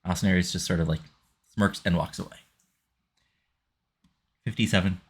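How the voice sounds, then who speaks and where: A man's voice: low voice, fairly even intonation, moderate pace, breathy edge. A man casually narrating a wrestling sim game, rambling with lots of fillers.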